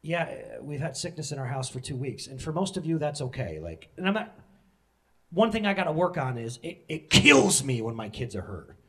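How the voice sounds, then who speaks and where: A male pastor preaching with a lively, swooping voice that sits a little high for a man. He talks frankly and jokes with his listeners, then cuts loose in loud emotional bursts. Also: moderate pace. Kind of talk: sermon.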